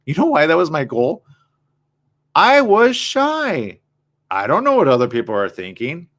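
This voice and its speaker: A man's voice: mid-range voice, wildly swooping pitch, fast. A man hosting a morning show, talking candidly and reflectively in a personal monologue, often asking rhetorical questions.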